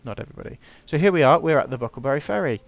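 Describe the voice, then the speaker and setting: Man, gravelly voice, chatty game travelogue commentary with a playful, self-deprecating streak. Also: on the high side, lively intonation, very fast. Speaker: gameplay narrator. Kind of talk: casual gameplay commentary.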